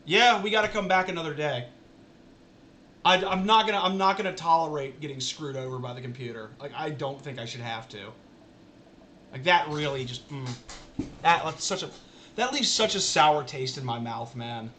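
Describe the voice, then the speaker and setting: A man streaming a game for his chat, his voice high and bright with a forceful edge. He rants in an exasperated, casual way and keeps circling back to the same complaint. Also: moderate pace, a little hiss or hum. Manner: exasperated ranting, repeats himself. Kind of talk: casual live-stream commentary.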